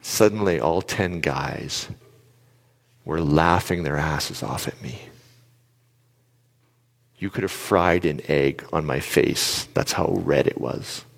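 Deep-voiced man giving a talk in a hall. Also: takes it slowly, gravelly, pauses often. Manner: animated storytelling, direct questions to the audience. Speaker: speaker addressing an audience. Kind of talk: live motivational talk.

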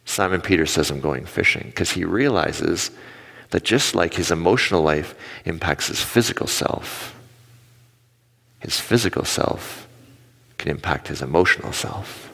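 A low-voiced man in his forties delivers a sermon from a stage, his words trailing off into a long hall reverb. He tells personal stories and acts out the people in them with lively energy. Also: a little slow, vocal fry, husky. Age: 40s. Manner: animated storytelling with acted-out quotes. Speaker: pastor.

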